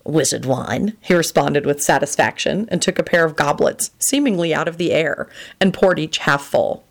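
A woman reading a romance story aloud in an expressive storytelling manner. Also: deep voice, moderate pace. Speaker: reader.

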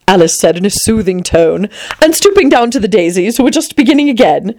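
Expressive woman reading a storybook. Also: mid-range voice, fairly quick. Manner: expressive, voicing every character. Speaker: narrator.

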